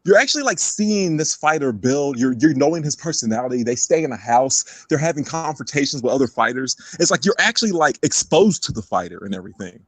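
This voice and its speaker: A man in a casual boxing chat, lively and filler-heavy, saying "like" a lot. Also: mid-range voice, brisk, few pauses, no echo.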